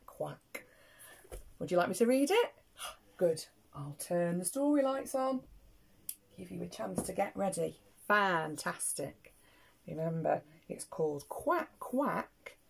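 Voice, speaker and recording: A British woman, a nursery teacher, reading a picture book aloud to small children with playful, expressive gasps and hushed asides. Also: lowish voice, vocal fry, breathy edge.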